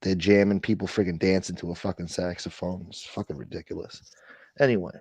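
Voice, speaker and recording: A man's voice: low voice, fairly even intonation, a little fast, creaky, darkish tone, slightly rough, no echo. A man hosting a casual late-night livestream chat, rambling and swearing as he reads and answers viewer comments. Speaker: livestream host.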